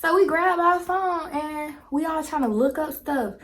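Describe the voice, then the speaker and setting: A woman in her twenties, a vlogger telling a casual story to a phone camera, slangy and animated, laughing as she talks. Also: high voice, unhurried, a little hiss or hum. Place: indoors, home filming with ring light.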